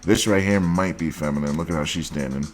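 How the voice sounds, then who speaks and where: A man's voice: extremely low pitch, a little fast. A man hosting a dating advice show, giving blunt, crude and mocking commentary on dating profiles.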